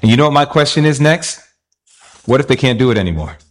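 Lively, animated male preacher. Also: medium pitch, fast talker. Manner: animated preaching with rhetorical questions. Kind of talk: sermon.

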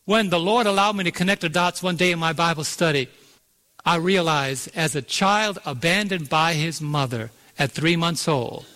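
A man's voice: a little high, pushed and bright. Preaching man in a reverberant hall. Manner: storytelling preacher, dramatic slow-downs and rising emphasis. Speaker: pastor. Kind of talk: sermon.

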